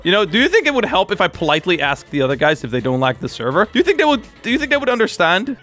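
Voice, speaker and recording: A young man calls out a game as he plays it, loud and easily excited, jumping from near-whispers to shouts. His voice sits high and swoops all over the place, with faint music running behind him. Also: racing. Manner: loud, laughing, exclamatory, swings between hushed and shouting. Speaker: gaming video host. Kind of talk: excited gameplay commentary.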